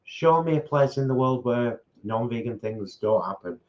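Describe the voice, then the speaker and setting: A blunt middle-aged man chats over a meal, outspoken and quick to mock his critics. His voice has an everyday mid pitch. The sound is slightly muffled and dull. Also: a little mellow. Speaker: co-host. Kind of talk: casual mukbang chat. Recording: slightly dull home recording.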